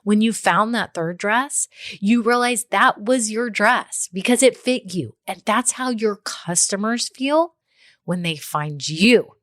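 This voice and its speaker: A woman's voice: medium pitch, takes it slowly, a bit bright, dry recording. Chatty woman podcast host, dry sound. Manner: chatty, keeps checking in with "okay?" and "right?". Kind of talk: solo business advice talk.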